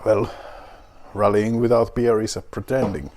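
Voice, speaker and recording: A man's voice: lowish voice, steady tone, moderate pace, a little mellow, slight background noise. A man with a Finnish accent playing a rally game and talking to himself, wry and mock-grand, with a beer at hand. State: drinking beer while playing. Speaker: gaming video host.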